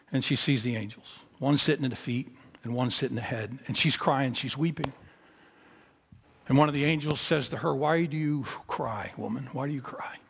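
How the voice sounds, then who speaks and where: Man, pastor, memorial service sermon, gravelly, raspy, animated storytelling. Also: in a large hall. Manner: animated storytelling with big swings in pitch and loudness. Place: chapel.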